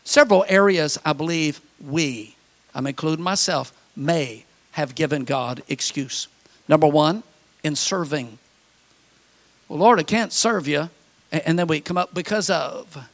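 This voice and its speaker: High-voiced pastor preaching a sermon. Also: male voice. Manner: storytelling with acted quotes and dramatic pauses.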